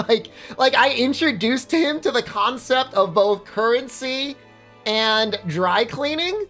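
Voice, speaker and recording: A woman's voice: sits high, animated, slow pace, fairly bright tone, soft background music. A woman streamer casually telling a rambling story during a live stream, often breaking into laughs. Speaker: game streamer.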